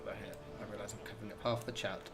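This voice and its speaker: A man's voice: on the low side, fairly even intonation, a little fast, music in the background. A man streaming a game, chatting casually in a rambling, sweary way with lots of fillers. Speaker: gaming streamer. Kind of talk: casual chat while playing.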